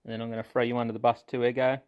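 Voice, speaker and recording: A man's voice: medium pitch, level tone, racing, clean tone. A man in a recorded voice message, ribbing a podcast's hosts in a jokey way. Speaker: listener sending a voice message.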